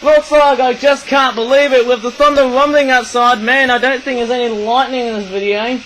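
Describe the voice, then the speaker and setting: A man vlogging as channel host, chatting excitedly with frequent tag questions while filming rain from indoors on a camera mic. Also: extremely high pitch, normal speed, a little hiss or hum, low-quality recording. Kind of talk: casual vlog narration.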